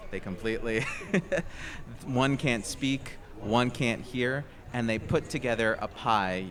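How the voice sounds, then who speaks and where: A man's voice: mid-range voice, a bit bright. A young man announcing a street parade outdoors on a radio feed, upbeat and chatty with a joking manner. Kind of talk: live event commentary.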